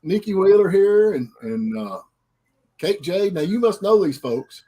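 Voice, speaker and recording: Brief: middle-aged man, husky, rambling livestream host. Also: high-pitched, big pitch swings, a little slow, mellow. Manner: folksy, rambling. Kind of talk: casual chat on a livestream.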